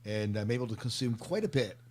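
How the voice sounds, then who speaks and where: A man's voice: medium pitch, lively intonation, fairly quick. Joking, teasing male host of a book chat podcast with a mid-range voice. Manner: joking, teasing, leads the questions. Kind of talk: casual chat.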